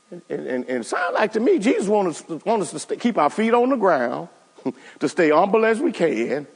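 Brief: male pastor mid-sermon, animated and emphatic, lots of restarts, church reverb. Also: sits high. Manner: emphatic, with many stammered restarts and calls to the congregation. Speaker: preacher.

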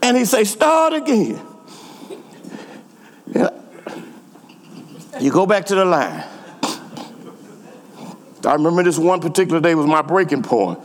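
Brief: middle-aged pastor, lively swooping delivery, fairly high voice, reverberant church hall. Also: male voice, normal speed, long pauses. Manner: animated, repeats words, emphatic. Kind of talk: sermon storytelling. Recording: echoey hall.

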